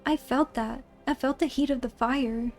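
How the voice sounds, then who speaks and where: A woman's voice: high-pitched, fairly even intonation, normal speed, darkish tone, soft background music. A woman voicing a nervous young male thief who keeps asking anxious questions.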